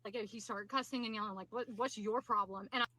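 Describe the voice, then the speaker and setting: A woman's voice: mid-range voice, steady tone, quick pace, pushed and bright, no echo, rough recording. A woman in a played clip, indignantly and insistently retelling an encounter. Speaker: woman in a viral video clip. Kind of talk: recounting an incident.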